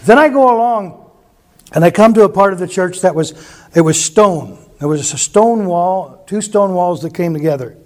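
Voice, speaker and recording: A man's voice: sits high, lively intonation, normal speed, a little mellow. A man preaching a sermon through rambling anecdotes, with frequent restarts. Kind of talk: sermon storytelling.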